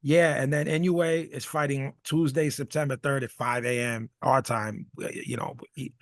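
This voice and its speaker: Gravelly-voiced man chatting loosely. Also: medium pitch, steady tone, moderate pace, no echo, studio quality. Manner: rambling, many restarts and fillers. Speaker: podcast co-host. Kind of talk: casual chat.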